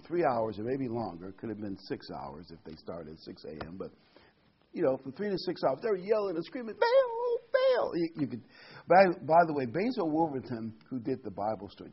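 Husky guy preaching, bouncy pitch, kinda dull lo-fi sound, lots of restarts. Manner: conversational, restarts often, animated storytelling. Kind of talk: informal sermon.

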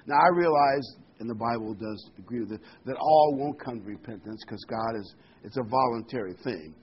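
A man's voice: medium pitch, brisk, hardly any pauses, lo-fi sound, a little hiss or hum. A man giving a sermon, earnest and emphatic, repeating key words and reading scripture aloud. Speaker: preacher.

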